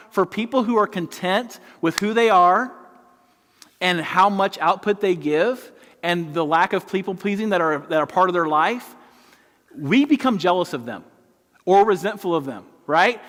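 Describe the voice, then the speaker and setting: A middle-aged man preaching an animated sermon, with a high voice for a man. His words ring out with long reverb from a large church hall. He tells stories with lively rises and quiet drops. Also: normal speed. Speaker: pastor.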